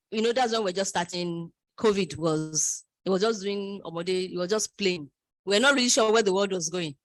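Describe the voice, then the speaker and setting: A middle-aged woman speaks at a graduation ceremony. She tells her stories with energy and slips into the voices of the people in them. Her voice sounds close and dry, with no room echo. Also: medium pitch. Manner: storytelling, lively, quotes others in voices. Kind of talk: speech.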